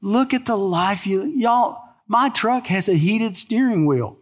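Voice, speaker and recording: An older man preaching a sermon in a folksy, animated way, full of stories and rhetorical questions. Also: high voice, measured pace. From American South. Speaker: pastor.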